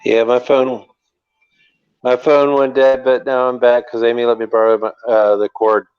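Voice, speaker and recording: A man's voice: mid-range voice, monotone, moderate pace, a little mellow, clean tone, faint music behind. A man chatting casually as a guest, easygoing and laughing along. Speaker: guest on the show. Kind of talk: casual chat. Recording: dry, dull lo-fi line.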